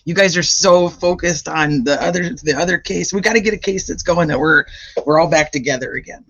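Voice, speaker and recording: Male true-crime streamer with a cold, raised pitch, animated chatty delivery, dry dull home-stream sound. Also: a little fast, a little hiss or hum. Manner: chatty and animated, rattling off greetings. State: voice roughened by a cold. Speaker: true-crime livestream host. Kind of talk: casual livestream chat, greeting viewers by name.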